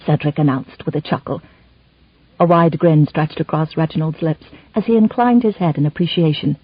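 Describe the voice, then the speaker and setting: A woman narrating a historical romance audiobook in an expressive storytelling manner, in a slightly muffled recording. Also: low-pitched, moderate pace, breathy edge, no echo. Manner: expressive, even-toned storytelling. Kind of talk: scripted narration.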